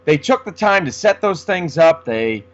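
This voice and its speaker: A man's voice: a little high, big pitch swings, moderate pace. A man co-hosting a casual sports podcast, rambling with many restarts. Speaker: podcast co-host. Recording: dull lo-fi sound.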